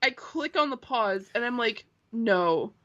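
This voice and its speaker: A woman co-hosting a podcast, chatting casually and telling stories with a giggly, animated manner and a slight accent. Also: a little high, moderate pace, a crowd in the background. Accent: non-American accent. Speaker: podcast co-host. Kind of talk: casual chat. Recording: dull lo-fi mic.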